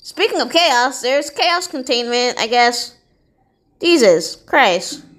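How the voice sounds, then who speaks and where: A woman voicing SpongeBob, an excitable and goofy cartoon sea sponge, playing a video game and chattering to viewers. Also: high voice, slow pace, exaggerated voice. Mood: excited.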